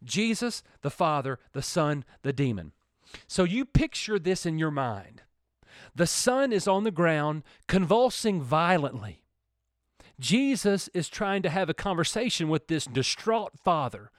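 Animated high-pitched male preacher. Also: measured pace, no room sound, clean studio sound. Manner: animated, building emphasis with repeated words. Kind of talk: sermon. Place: church or studio program.

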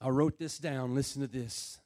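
A man preaching a sermon, dropping low and slow, then building to loud, shouted emphasis. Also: fairly even intonation. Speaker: pastor.

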